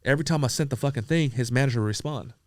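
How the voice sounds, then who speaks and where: A man from San Diego telling profane, animated stories as an interview guest, acting out the dialogue he quotes. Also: mid-range voice, racing, no echo. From San Diego, USA. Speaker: entrepreneur guest. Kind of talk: casual storytelling interview.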